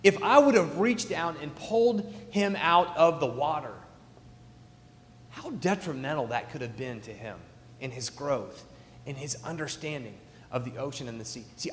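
A man in his thirties preaching a sermon as a pastor, telling stories with big swings from loud to hushed. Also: fairly high pitch, slight background noise. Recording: echoey hall.

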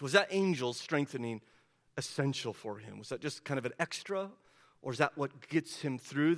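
A man preaching a sermon as pastor, animated and questioning, often repeating words as he builds up. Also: medium pitch, long reverb tail.

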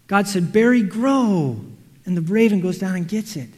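A man preaching a sermon, animated, acting out quotes and everyday scenes. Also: high voice, fairly quick. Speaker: pastor. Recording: reverberant hall.

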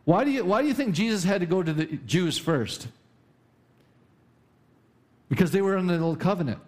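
Man preaching a sermon, fairly high voice, emphatic, repetitive, big pitch swings. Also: animated, moderate pace, darkish tone. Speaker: pastor.

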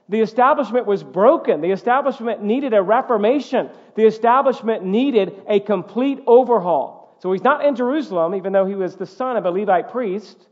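A man preaching a sermon as pastor in a church, with an emphatic, repetitive cadence. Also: sits high. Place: church sanctuary. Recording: dull audio with long hall reverb.

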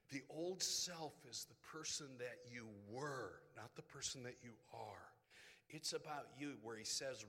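A man's voice: medium pitch, lively intonation, slow, breathy edge. Emphatic male pastor in a reverberant hall. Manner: emphatic, swings between loud and hushed. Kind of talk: sermon.

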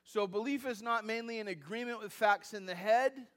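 A man's voice: sits high, moderate pace, fairly bright tone. A man preaching a sermon in a conversational way, with asides and self-deprecating humor, often repeating phrases and restarting as he builds his points. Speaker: pastor.

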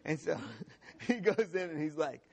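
A man pastor giving a sermon in a church, telling a funny story with an animated, laughing manner and lots of restarts. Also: fairly high pitch, measured pace, gravelly.

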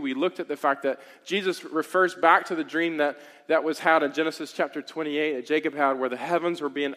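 A man preaches a sermon, and his voice sits a little higher than most men's. He drives key phrases hard, then eases into quiet, chatty asides to the congregation. The sound carries the long reverb of a large church hall. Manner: emphatic preaching that swells and drops to soft asides. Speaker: pastor.

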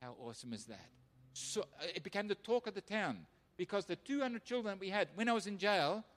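A man preaching as a missionary pastor, telling his testimony as an animated storyteller who acts out the voices of others. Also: high-pitched, brisk. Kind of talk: sermon testimony. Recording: long hall reverb.

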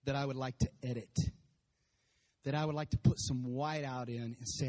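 A man's voice: medium pitch, steady tone, moderate pace, a little mellow. A man in his forties preaching a sermon as pastor, emphatic, repeating refrains and laughing at times, recorded in a church. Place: church sanctuary with congregation. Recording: long hall reverb.

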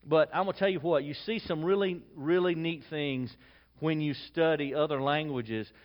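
A man preaching a verse-by-verse sermon. He reads scripture and prays softly, then explains the text in a relaxed, conversational way. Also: a little high, moderate pace. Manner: soft, hushed prayer. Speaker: pastor. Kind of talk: expository sermon.

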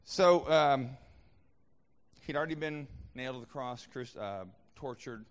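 A man's voice: mid-range voice, unhurried, clean tone, long reverb tail. A man preaching a sermon as a pastor, conversational, with frequent restarts and fillers.

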